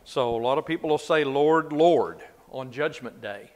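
A man at a mid-range pitch leads a Bible class in a loose, conversational way and puts questions to his listeners. His voice carries a long reverb from a large room. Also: brisk.

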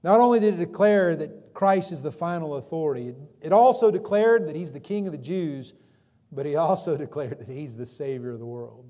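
Emphatic preaching man, higher voice. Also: brisk, mellow. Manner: preaching with rising, emphatic calls and questions to the congregation. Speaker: pastor. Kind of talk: sermon. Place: church sanctuary. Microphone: livestream recording from the pulpit.

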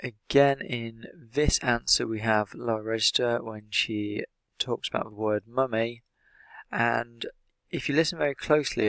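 A man with an English accent, an English teacher explaining the language of an interview in a measured way, with many "sort of" fillers. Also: lowish voice, a bit bright, clear, resonant tone, no room sound. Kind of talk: explanatory lesson analysing an interview.

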